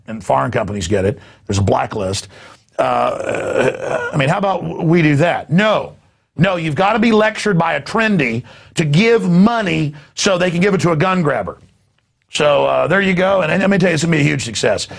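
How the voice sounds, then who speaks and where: A man hosting a news talk show, ranting in an indignant, sarcastic tone. His voice is deeply gravelly and husky and sits a little high for a man. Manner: indignant, sarcastic, repeats himself.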